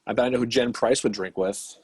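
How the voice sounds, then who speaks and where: Male co-host, casual, husky and low, fast and animated, restarts a lot. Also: no echo. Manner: rapid, animated, repeats words at restarts. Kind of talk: casual chat.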